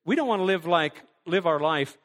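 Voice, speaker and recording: A man preaching a sermon as a pastor, fervent and conversational, swinging between loud and hushed passages. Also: fairly high pitch, expressive, moderate pace. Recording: long hall reverb.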